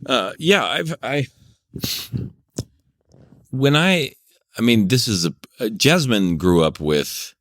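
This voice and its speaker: A man's voice: mid-range voice, lively intonation, slow pace, pauses often, a bit bright, no room sound, clean studio sound. A middle-aged man chatting casually on a podcast, telling rambling personal stories with frequent chuckles. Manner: rambling storyteller, chuckles often. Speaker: podcast guest, parenting coach. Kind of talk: casual chat.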